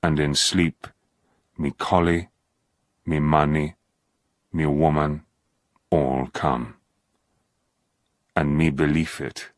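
An actor playing a poetry reader who recites a poem with a solemn, rhythmic, drawn-out delivery. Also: male voice, very deep voice, little pitch movement, no room sound, studio quality. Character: deep-voiced actor reciting a patois poem. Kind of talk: slow dramatic recitation.

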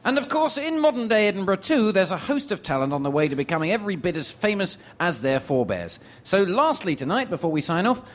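A man with a high, animated voice co-hosts a radio comedy show. He reads his scripted links in an earnest mock-presenter tone. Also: fast, hardly any pauses.

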